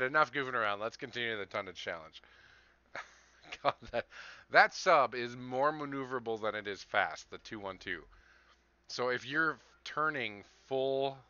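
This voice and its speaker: A man's voice: medium pitch, bright, forceful tone, no echo, lo-fi sound. A man streaming a game live, commenting casually as he plays, chatting to viewers and chuckling often. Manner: chuckles often, chats to viewers while playing.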